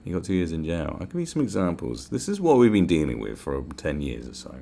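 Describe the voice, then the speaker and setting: British male podcast host, low gravelly voice, swinging pitch, profane sarcastic rant. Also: huge pitch swings, fast, mellow.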